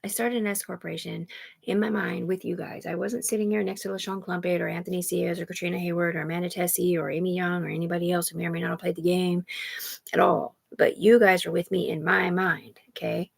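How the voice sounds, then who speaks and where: Woman, lowish voice, husky, rambling live-stream monologue to viewers. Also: level tone, quick pace. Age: adult. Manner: rambling, jumps between topics, talks to chat. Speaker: livestreamer.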